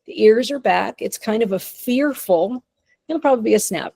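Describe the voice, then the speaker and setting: A woman's voice: fairly high pitch, animated, moderate pace, vocal fry, mellow. A woman giving an informal webinar presentation on dog behavior in a chatty, easygoing way, with frequent fillers and light laughs.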